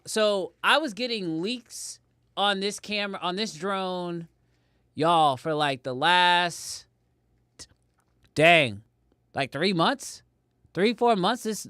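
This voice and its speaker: A man hosting a casual livestream from his home editing room, talking straight to his chat, animated and repeating himself. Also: high-pitched, no room sound, clean studio sound. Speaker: livestream host.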